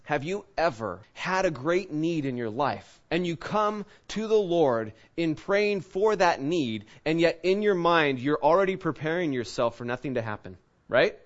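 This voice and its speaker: A man's voice: fairly high pitch, animated, unhurried, lo-fi sound. A male pastor giving a conversational Bible-teaching sermon, asking his listeners rhetorical questions.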